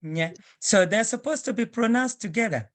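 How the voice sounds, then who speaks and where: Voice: medium pitch, animated, moderate pace. Firm teacher drilling spelling on a call. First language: Igbo. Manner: firm and corrective, spells words out letter by letter. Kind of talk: online class, spelling drill. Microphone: video call.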